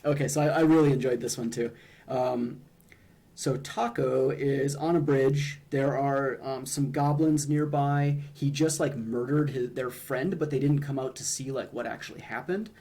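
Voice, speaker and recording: A young man with a gravelly, mellow voice chats casually about game humor on a stream. He is hesitant and full of ums, often restarting his sentences. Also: mid-range voice, steady tone, moderate pace.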